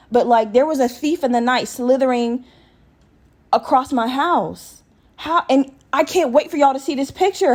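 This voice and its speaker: A woman's voice: on the high side, darkish tone. A woman in her twenties hosting a casual solo podcast, talking candidly and profanely straight to her listeners. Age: 20s. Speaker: podcast host. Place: her bedroom at home.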